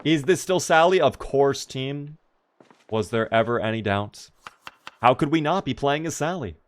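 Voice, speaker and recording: A man's voice: medium pitch, expressive, measured pace. A man casually commenting on his gameplay on a live stream, chatty and playful, joking with his chat.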